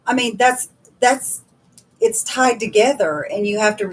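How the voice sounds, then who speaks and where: A woman's voice: mid-range voice, unhurried, slight background noise. A woman co-hosting a casual spiritual livestream, explaining her dream work in an earnest way. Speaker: dream worker and co-host.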